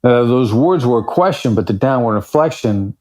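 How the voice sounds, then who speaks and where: This guest on a podcast is a negotiation expert who talks through his ideas with emphasis, speeding up and slowing down for effect in a relaxed interview. He has an expressive, mid-range voice with a darkish tone and a moderate pace.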